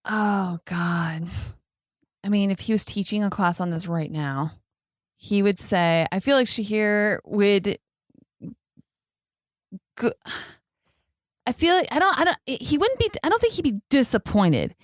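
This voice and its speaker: A woman's voice: mid-range voice, expressive, unhurried, long pauses, no room sound, clean studio sound. A woman guest on a movie podcast, chatting casually and often restarting her sentences. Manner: chatty, hesitant, trailing restarts.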